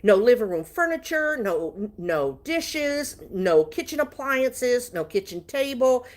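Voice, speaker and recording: Lady chatting on a livestream, animated storyteller, laughs a lot. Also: a little high, slow pace. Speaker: vlogger.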